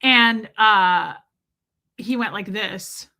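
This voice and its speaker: A woman's voice: mid-range voice, very slow, bright, forceful tone. A woman hosting a live stream from home, telling a story to her chat in a chatty, blunt way and swearing freely.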